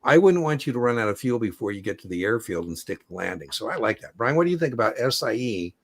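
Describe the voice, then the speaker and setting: A man hosting a casual livestream Q&A as an exam prep coach, chatty and animated, telling stories. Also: medium pitch, fast talker, breathy edge.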